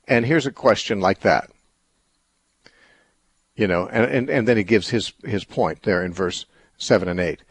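A man hosting a radio call-in show, explaining a Bible passage in a thoughtful, halting way full of fillers and restarts. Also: medium pitch, no echo.

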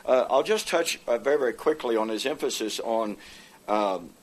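Man making a halting debate argument. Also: medium pitch, animated. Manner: halting, frequent "uh" fillers and restarts. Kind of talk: formal theological debate presentation. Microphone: presenter with projected notes.

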